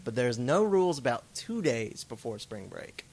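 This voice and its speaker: A man's voice: mid-range voice, sing-song, moderate pace, a little mellow. Blunt, easygoing young man. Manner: blunt, easygoing, mild swearing. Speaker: podcast co-host. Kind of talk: casual chat.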